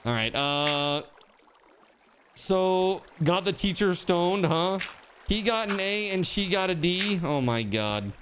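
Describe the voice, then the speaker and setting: A man's voice: high voice, lively intonation, slow pace, noisy background. A man streaming a video game, chatting casually with his chat, telling a story and laughing often. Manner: laughs often while telling stories, reads chat aloud.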